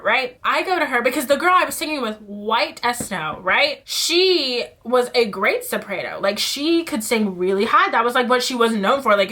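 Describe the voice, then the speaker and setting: A young adult woman talking candidly in a casual storytime vlog, animated and full of fillers while she does her makeup. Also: a little high. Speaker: vlogger.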